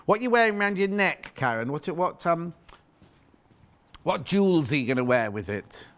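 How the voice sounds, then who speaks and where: This UK presenter's voice runs on the high side with big swings in pitch, at an ordinary speed. He's doing live TV sales chat in a studio through a clip-on mic, joking with his co-host and reading fabric prices aloud.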